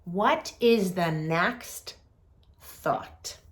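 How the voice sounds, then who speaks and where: A woman hosting a reflective talk on compassion, speaking softly and deliberately with gentle pauses. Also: lowish voice, lively intonation. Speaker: host.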